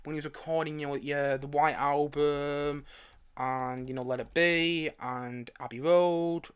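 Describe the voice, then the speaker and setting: A man's voice: a little high, steady tone, a little slow, clear, resonant tone. A man hosting a casual movie review live stream, chatting in a rambling way with frequent restarts and asides. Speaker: movie review livestream host.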